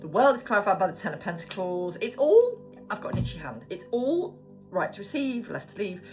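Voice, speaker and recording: A woman's voice: mid-range voice, big pitch swings, fairly quick, darkish tone, faint music behind. Chatty British woman in her forties. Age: 40s. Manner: chatty, swears casually, goes off on tangents. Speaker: tarot card reader. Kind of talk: casual tarot reading to camera.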